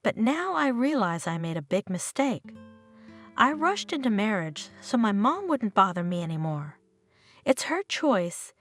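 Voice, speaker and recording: Short-tempered grown son and husband, resentful, voiced by a woman storyteller, animated. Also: medium pitch, measured pace, soft background music. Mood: bitter. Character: irritable married man, grown son.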